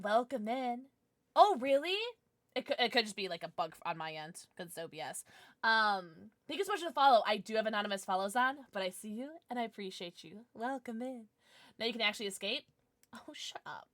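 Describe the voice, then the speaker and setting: A bubbly young woman chatting on a livestream from her home setup into a desk mic. Her voice sits a little high and swoops all over as she jokes, squeals, and gasps at new followers. The banter sounds playful and slightly tipsy. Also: sing-song, fast, fairly bright tone, no room sound, clean studio sound. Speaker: streamer. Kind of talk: casual livestream chat with viewers.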